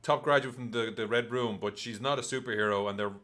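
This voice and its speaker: A man co-hosting a casual film podcast, joking and animated as he riffs on a movie. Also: mid-range voice, quick pace. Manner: joking, animated, slips into mock voices. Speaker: podcast co-host.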